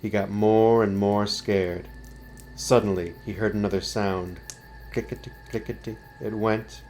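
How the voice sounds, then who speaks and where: A man reading a scary story aloud, slow and building suspense. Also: lowish voice, steady tone, darkish tone, slight background noise.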